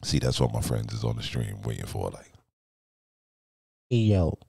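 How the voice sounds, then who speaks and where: A man hosting a casual live stream, talking in an animated, profane way that swings from shouts to mutters. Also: extremely low pitch, fairly quick, creaky, slightly rough, no room sound, clean studio sound. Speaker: streamer and host.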